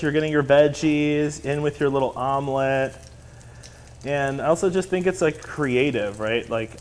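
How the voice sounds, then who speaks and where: A man's voice: mid-range voice, slight background noise. A man teaching a live cooking class in a kitchen, chatty, upbeat and self-deprecating, over the sound of sizzling pans and clattering cookware. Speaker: cooking instructor. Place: kitchen studio. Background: sizzling pan and clattering cookware.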